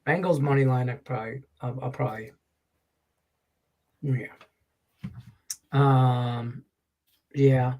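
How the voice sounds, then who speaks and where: A man's voice: mid-range voice, slow, pauses often, warm tone. Joking sports betting host, a man. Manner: loose, joking, swears casually. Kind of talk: casual sports betting chat.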